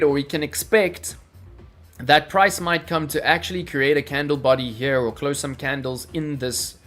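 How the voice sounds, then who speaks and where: A man with a rather high, slightly bright voice hosts a live crypto trading stream. He energetically walks through charts and answers viewers in the chat.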